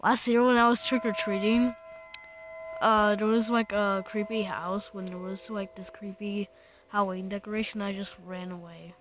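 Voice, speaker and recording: A woman's voice: mid-range voice, flat delivery, normal speed, a little hiss or hum. A woman giving casual gameplay commentary, easily startled and exclaiming in fright, rambling and restarting her sentences. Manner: jumpy, keeps exclaiming in fright. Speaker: gaming channel host.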